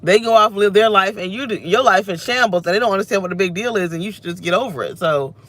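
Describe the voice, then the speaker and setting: A woman's voice: medium pitch, quick pace, fairly bright tone. Ranting woman in her thirties, in car. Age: 30s. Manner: venting, self-reflective, rambling. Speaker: vlogger. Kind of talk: emotional personal rant to camera.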